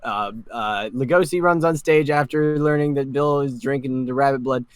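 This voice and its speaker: A man's voice: medium pitch, normal speed, clear, resonant tone, no room sound. A man co-hosting a podcast, recapping casually in a rambling, sweary way with lots of fillers. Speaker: podcast co-host.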